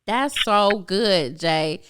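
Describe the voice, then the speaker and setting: Smooth-voiced encouraging woman host. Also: medium pitch, animated, drawn-out words, fairly bright tone. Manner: encouraging, affirming questions. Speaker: podcast host. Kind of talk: casual faith talk interview.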